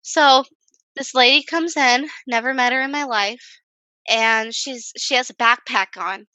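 Bright, dry-voiced chatty woman storyteller. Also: a little high, a little slow, no room sound. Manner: animated, acts out quoted voices, chatty with many fillers. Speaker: esthetician guest. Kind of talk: casual storytelling interview.

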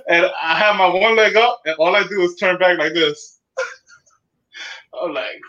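A man's voice: high voice, slow, bright, forceful tone. A man casually telling rambling, profane stories on a podcast, laughing as he goes. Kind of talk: casual storytelling chat. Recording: dull lo-fi sound.

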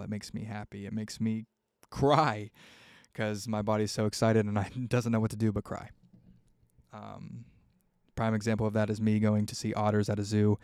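Gravelly young man, casual podcast ramble. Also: on the low side, darkish tone, no echo, studio quality. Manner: rambling, heartfelt, swears freely, many fillers. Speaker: podcast host. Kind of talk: casual solo podcast talk.

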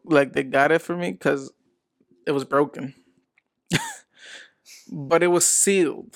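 A man's voice: fairly high pitch, steady tone, measured pace, long pauses, fairly bright tone. A man co-hosting a podcast in casual chat, talking in a laid-back slangy way and laughing often. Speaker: podcast co-host.

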